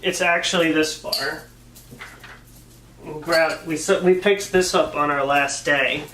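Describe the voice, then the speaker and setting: A man's voice: a little high, slow pace, far from the mic, a little hiss or hum. A man in a casual vlog, telling a story and acting out quotes with animation. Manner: animated retelling with acted quotes. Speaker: vlogger telling the proposal story. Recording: echoey room, camera mic from afar.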